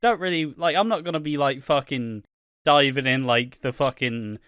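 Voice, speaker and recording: A man's voice: medium pitch, normal speed, a bit bright, clean tone, no room sound, clean studio sound. A man from Wales co-hosting a podcast, chatting casually, swearing freely and laughing often as he rambles. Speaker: podcast co-host. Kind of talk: casual chat.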